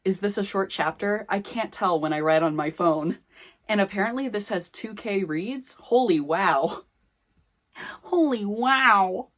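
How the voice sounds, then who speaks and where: A woman's voice: mid-range voice, normal speed. A young woman casually reading her old fan fiction aloud with wry, self-mocking commentary. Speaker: reader of her old fanfiction.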